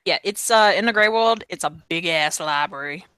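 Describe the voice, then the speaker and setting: A woman's voice: on the low side, moderate pace, bright, forceful tone, smooth, no echo. A woman narrating as game master in a laid-back, slangy way, swearing freely. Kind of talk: casual tabletop game narration.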